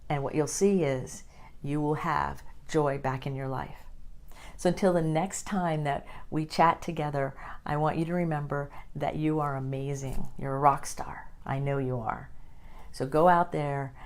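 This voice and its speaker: A woman with a low voice hosts an inspirational podcast. She talks gently and encouragingly, and often slows down to stress a point. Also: fairly even intonation. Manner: gentle, encouraging, slow and deliberate at times. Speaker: podcast host.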